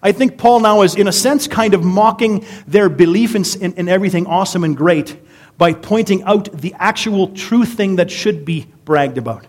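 A man preaching in a relaxed, conversational sermon style, his voice sitting a little higher than most men's. He keeps things lively with rhetorical questions and chatty asides to his listeners. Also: moderate pace.

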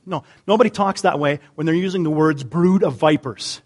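A middle-aged man preaching a sermon, humorous, swinging between loud emphasis and quiet asides. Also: on the high side, expressive, a little fast, few pauses. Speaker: pastor.

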